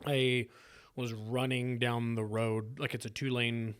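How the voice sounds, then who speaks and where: A man from South Sacramento, a podcast guest, telling a personal story earnestly with halting restarts. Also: mid-range voice, little pitch movement, a bit bright, smooth. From South Sacramento, California.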